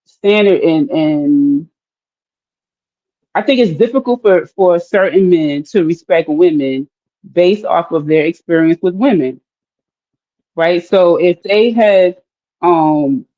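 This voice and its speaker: A woman's voice: fairly low pitch, takes it slowly, pauses often, warm tone. A woman on a discussion panel, talking animatedly with many fillers and acting out quoted voices. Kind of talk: casual debate. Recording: dull lo-fi audio.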